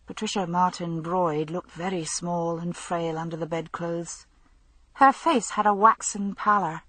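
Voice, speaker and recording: Low, husky woman narrator for a mystery audiobook; dry, measured read. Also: fairly bright tone, dry recording.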